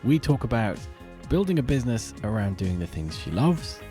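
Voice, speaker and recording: A man opens a podcast with an animated, lilting read. Music plays clearly behind his voice. He jokes easily with the guest. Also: mid-range voice, normal speed. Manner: lively, joking. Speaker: podcast co-host. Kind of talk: scripted intro, then casual interview chat.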